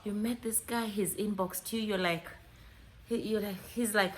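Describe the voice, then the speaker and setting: A woman with a Kenyan accent talking casually to camera, animated, acting out both sides of chats and mixing in Swahili words. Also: medium pitch, moderate pace, a little hiss or hum. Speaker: vlogger.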